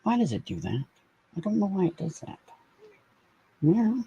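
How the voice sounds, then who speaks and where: A blunt, plain-spoken live stream host in casual chat, swearing freely and breaking off to coo at a cat in a high, sing-song voice. The tone is husky and mellow, and the pitch swings around a lot. The sound is close and dry. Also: huge pitch swings, fast talker, dull audio. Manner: blunt, swears, switches to high baby talk and meows at a cat.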